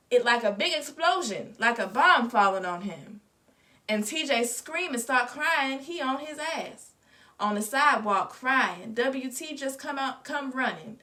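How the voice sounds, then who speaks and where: A woman reading a storybook aloud with expressive, lively narration. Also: high voice. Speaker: reader. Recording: distant mic.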